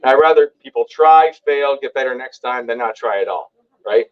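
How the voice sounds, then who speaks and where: A man telling stories to a live audience at a community meeting, lively and acting out what others said. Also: normal speed, highs cut off. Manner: lively, acts out quoted lines with big pitch jumps. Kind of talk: animated storytelling to a live audience. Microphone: hand-held microphone.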